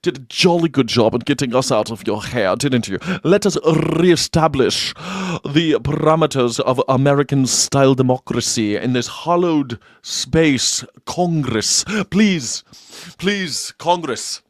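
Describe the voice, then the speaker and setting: A man's voice: mid-range voice, measured pace, no room sound, studio quality, natural voice. A man putting on a pompous, mock-posh impression of an older King of England. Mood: mock-regal.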